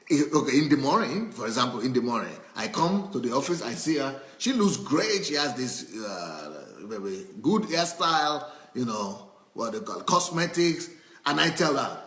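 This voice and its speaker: A male pastor preaching a sermon in an animated way, acting out anecdotes and repeating his points. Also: medium pitch, moderate pace, roomy sound, rough recording.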